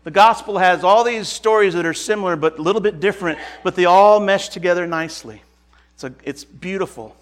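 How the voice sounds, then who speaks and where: A man from Nebraska preaches in a loose, folksy way, retelling a Bible story to his listeners. His voice sits a little high for a man, and he often restarts his sentences. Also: brisk. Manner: casual and folksy, chuckles and self-corrects often.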